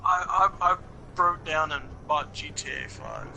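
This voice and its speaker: A man's voice: on the high side, huge pitch swings, unhurried, vocal fry, pushed and bright, soft background music, poor audio. A man chatting while gaming, hesitant and wry. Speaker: co-player. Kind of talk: casual gaming chat.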